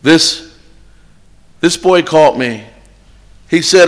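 High-voiced man preaching in a reverberant hall. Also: a little slow, long pauses, fairly bright tone. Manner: earnest and pleading, with many restarts and repeated phrases. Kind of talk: sermon. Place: church meeting hall before an evening congregation.

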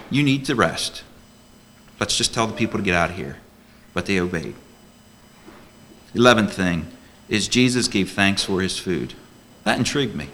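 Male deacon preaching in church; ringing tone, animated rise and fall, pressing the congregation with questions. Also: medium pitch, a little hiss or hum. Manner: earnest, rhetorical questions, emphatic. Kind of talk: sermon.

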